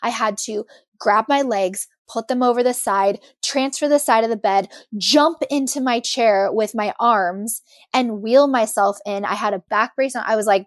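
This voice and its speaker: A woman's voice: on the high side, a little slow, dry recording, studio quality. Emotional young woman telling her story. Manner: emotional, animated retelling. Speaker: guest. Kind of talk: personal storytelling interview.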